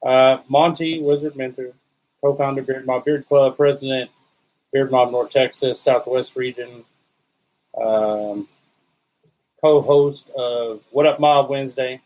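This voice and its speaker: A man's voice: mid-range voice, steady tone, unhurried, darkish tone, rough recording. Laid-back man co-hosting a podcast. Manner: laid-back, dry humor. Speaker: podcast co-host. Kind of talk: casual podcast chat.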